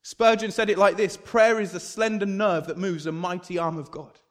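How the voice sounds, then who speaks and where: A man preaching a sermon in a high, light voice. He tells Bible stories with lively energy and acts out each character as he goes. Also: normal speed. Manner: animated storytelling, acts out biblical figures.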